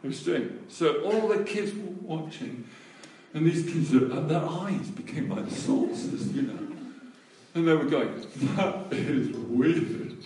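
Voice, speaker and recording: Animated male preacher in an echoey room. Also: on the high side, measured pace, far from the mic, a little hiss or hum. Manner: animated storytelling, acting out quoted voices. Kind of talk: testimony story in a sermon.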